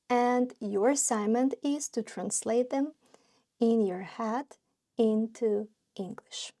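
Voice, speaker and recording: A woman's voice: a little high, mellow. A woman teaching beginners in a podcast lesson. She speaks in an encouraging, teacherly way and carefully repeats each phrase for her learners. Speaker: Russian language teacher.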